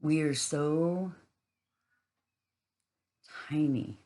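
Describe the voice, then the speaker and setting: A woman's voice: sits low, very slow, mellow, slight background noise, poor audio. A woman giving a rambling, casual spiritual monologue, earthy and swearing freely.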